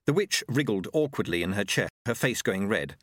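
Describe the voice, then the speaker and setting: A man narrating a novel in expressive scripted storytelling. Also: on the low side, normal speed, no echo, clean studio sound. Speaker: audiobook narrator.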